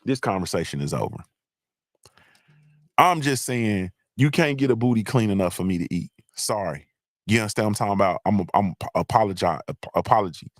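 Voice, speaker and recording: A man's voice: on the low side, dry recording, clean studio sound. A man hosting a live online show, ranting in a casual, profane, repetitive way. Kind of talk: casual comedic rant.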